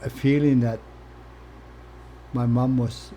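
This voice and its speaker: Earnest older man with a mellow voice. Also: medium pitch, slow pace, a little hiss or hum. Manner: earnest, plain-spoken, swings from quiet to animated. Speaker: interview guest, former First Nations chief. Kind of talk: candid personal storytelling.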